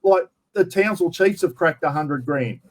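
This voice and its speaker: Brief: Australian man, a touch high-pitched, blunt, slangy, casual interview guest. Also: lively intonation, moderate pace. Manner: blunt, matey, slangy, keeps saying mate. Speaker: interview guest, camping YouTuber. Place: at home, outdoors property.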